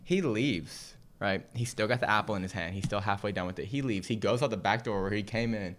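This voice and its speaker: A man's voice: fairly low pitch, brisk, fairly bright tone, a little hiss or hum. Young male podcast co-host, storyteller who laughs and acts out his characters, from Southern California. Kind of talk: casual storytelling.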